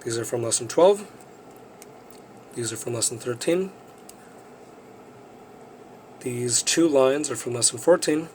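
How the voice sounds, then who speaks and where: A man's voice: medium pitch, normal speed, darkish tone, slight background noise. A male teacher giving a recorded vocabulary review lesson, explaining words plainly and often checking in with students.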